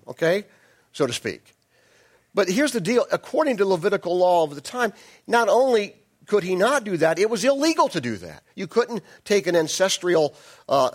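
A man preaching a sermon, reading Bible verses aloud and breaking off into casual, playful asides. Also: high-pitched. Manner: conversational, digressive, playful asides.

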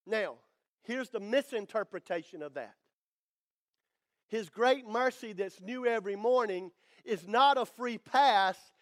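A male pastor with a strikingly high voice preaches to his congregation. He builds to emphatic declarations and leans on dramatic pauses. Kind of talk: sermon.

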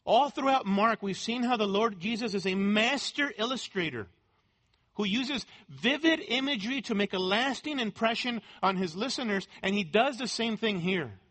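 Male pastor giving a sermon, high and bright, emphatic, repeats words for emphasis. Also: lively intonation, moderate pace. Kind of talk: expository sermon.

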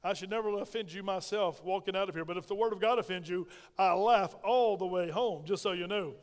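A man's voice: high-pitched, a little fast, big-room sound. A middle-aged male pastor, preaching a folksy, emphatic sermon that calls for amens from the congregation. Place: church sanctuary.

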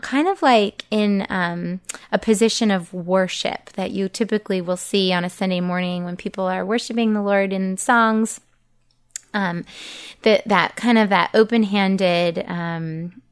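Smooth-voiced woman teaching Bible verses. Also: mid-range voice. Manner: earnest and encouraging, walks through each step. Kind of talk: casual spoken teaching.

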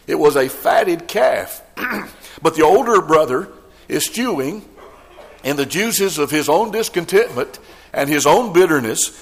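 Earnest preacher in a reverberant church. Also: male voice, fairly high pitch, big pitch swings, a little slow. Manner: earnest preaching with repeated restarts and rising emphasis. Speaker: pastor. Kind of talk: sermon. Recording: long hall reverb.

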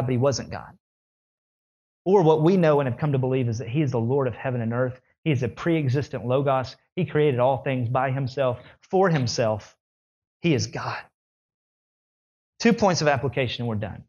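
A man preaching a sermon in an animated way, his voice climbing high when he voices the questioners. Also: fairly quick, breathy edge, highs cut off.

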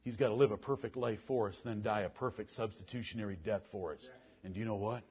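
A man delivers a fiery sermon in a husky, slightly breathy voice, swinging from loud, emphatic declarations to low, intense talk. He speaks quickly with a steady tone, and the recording sounds muffled and lo-fi.

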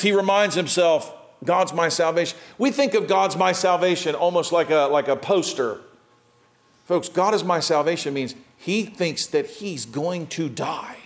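A man preaching a sermon as pastor, animated, with dramatic swings in loudness and emphasis. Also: on the high side.

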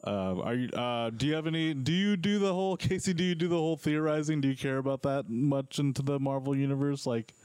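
A man hosting a relaxed casual chat, rambling with lots of fillers and restarts. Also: medium pitch, brisk, hardly any pauses, clean tone, no room sound. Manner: chatty, rambling, frequent fillers.

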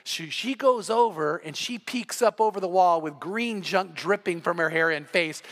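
A male pastor delivers a sermon in a high, bright voice that carries over the room. He tells a story with plenty of animation and jumps into the voices of the people in it. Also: normal speed. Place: church sanctuary.

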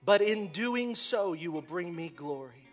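A man voicing God as a calm, firm commander who gives short, hushed orders. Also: high voice, measured pace, faint music behind, voice pushed down.

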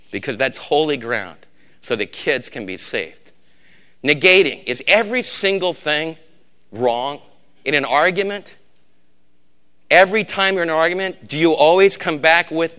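Older male pastor, sermon delivery, sharp bright tone, slightly high, repeats key words, drops low and quiet for emphasis. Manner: swings from loud exhortation to low, quiet emphasis.

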